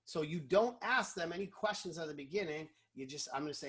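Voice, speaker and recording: Man, interview guest, fairly high voice, animated, acts out phone calls. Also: quick pace, hardly any pauses. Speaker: sales expert guest. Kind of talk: casual interview chat.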